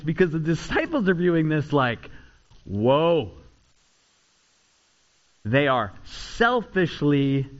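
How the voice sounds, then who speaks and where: Man preaching a lively sermon. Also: lo-fi sound. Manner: animated preaching, rising loud on acted cries, dropping low and quiet for asides. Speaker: pastor.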